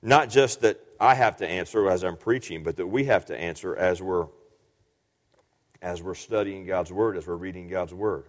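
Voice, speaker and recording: Lowish-voiced preacher guy, stumbles and repeats himself, big echoey hall sound. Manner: halting, repeats words, earnest teaching. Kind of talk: sermon. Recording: long hall reverb.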